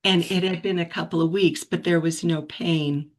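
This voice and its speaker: Woman, lowish voice, telling a personal story on a video call, reflective and unhurried, restarts often. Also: steady tone. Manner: reflective, with frequent restarts and soft laughs. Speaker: practice group member sharing a story. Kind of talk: casual personal sharing.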